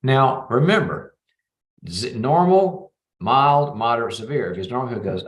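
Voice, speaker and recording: A man's voice: lowish voice, animated, moderate pace. A middle-aged man hosting a live advice show, coaching callers and acting out both sides of a conversation. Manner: warm coaching, acts out both sides of a talk. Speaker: psychologist host.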